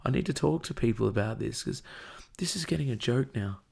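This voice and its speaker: An Australian man in full rant, swearing and worked up, his words hitting hard with emotion. His voice is rough and gravelly, sitting in an ordinary middle pitch for a man. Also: animated, brisk, darkish tone. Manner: angry, profane and emotional, with repeated outbursts. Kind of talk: heated commentary rant.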